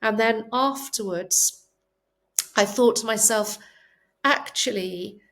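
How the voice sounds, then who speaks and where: A woman's voice: medium pitch, fairly even intonation, unhurried, slight background noise. A woman, a palliative care doctor, speaking earnestly and from the heart as a guest at home. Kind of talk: emotional conversational interview. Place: home, on a sofa.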